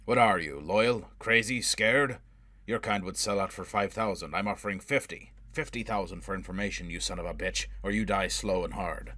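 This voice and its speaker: A man voicing a brutal, obsessed avenger in an audiobook, with a low, harsh, driving delivery. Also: normal speed, bright, forceful tone, no echo. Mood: menacing. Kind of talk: audiobook character voice.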